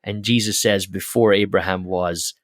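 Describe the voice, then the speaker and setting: A man with a lowish voice co-hosts a relaxed podcast conversation about scripture. He talks in an animated way, stumbling over restarts and laughing now and then, recorded close and dry. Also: moderate pace, no room sound. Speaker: podcast co-host. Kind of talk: conversational Bible discussion.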